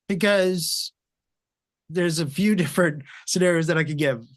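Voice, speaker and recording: Chatty host, a man filling with "again". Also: on the high side. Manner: conversational, filler-heavy, repeats "again". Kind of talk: casual explanatory chat.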